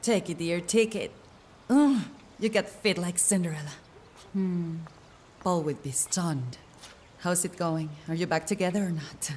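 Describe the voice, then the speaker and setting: A woman's voice: lowish voice, measured pace, darkish tone, slight background noise, close to an everyday voice. A woman voicing a nosy, fussing village woman in a dubbed film drama, curious and motherly.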